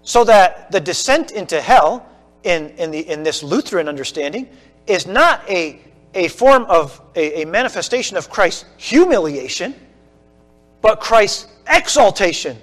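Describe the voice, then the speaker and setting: High-voiced man preaching in a church. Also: big pitch swings, a little slow, in a large hall. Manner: earnest explanatory teaching, with restarts. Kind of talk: teaching sermon.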